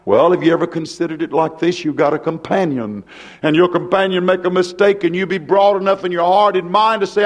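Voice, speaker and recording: A man preaching a sermon, with a preaching cadence that swings between loud lines and hushed ones. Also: high-pitched, a little fast.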